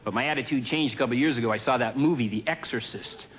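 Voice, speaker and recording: Deadpan male stand-up comedian. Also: medium pitch, quick pace, husky, muffled recording. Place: television studio stage.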